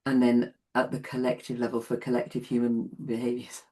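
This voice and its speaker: A woman's voice: very deep voice, completely flat delivery, a little fast, a little mellow. A woman in her late sixties teaching an online class in a chatty way, often laughing between points. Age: 60s.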